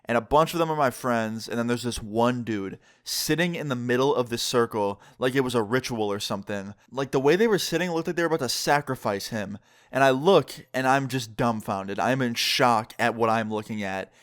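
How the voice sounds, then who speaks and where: A young adult man telling a casual storytime vlog, recounting events in an excitable, chatty way with lots of "like". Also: medium pitch, a little fast. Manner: casual, excitable retelling with frequent "like". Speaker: vlogger.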